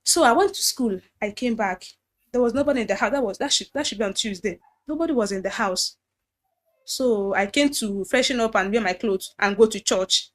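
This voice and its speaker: A Nigerian-accented woman with a slightly high voice tells her own story as a testimony. She speaks earnestly and haltingly, restarting sentences and repeating phrases as she goes. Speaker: guest recounting abuse. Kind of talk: personal testimony.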